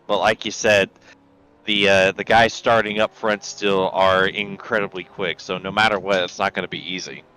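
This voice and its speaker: Bright-voiced man co-commentating a race. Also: low-pitched, little pitch movement, moderate pace, a little hiss or hum, poor audio. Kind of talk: sim racing commentary.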